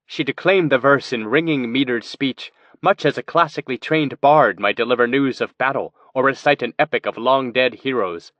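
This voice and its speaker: A man's voice: mid-range voice, normal speed, hardly any pauses, fairly bright tone, no echo. Man narrating a fantasy audiobook, lo-fi. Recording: dry, dull lo-fi recording.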